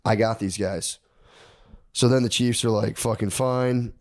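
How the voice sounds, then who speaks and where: A man's voice: lowish voice, steady tone, unhurried, darkish tone. A man on a podcast telling a history story in casual, profane slang, acting out the characters' lines.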